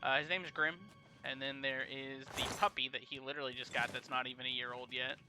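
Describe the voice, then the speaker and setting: A young let's play streamer comments casually on a game during a live stream, laid-back and slangy, rambling between actions. His mid-range voice is level and brisk, set against a noisy background with game music.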